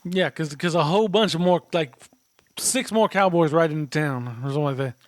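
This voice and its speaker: A man's voice: on the high side, dry recording. A man co-hosting a podcast, agreeing with his co-host and retelling film scenes in casual talk. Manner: short agreeing replies and quick retellings of scenes. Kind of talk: casual movie recap chat.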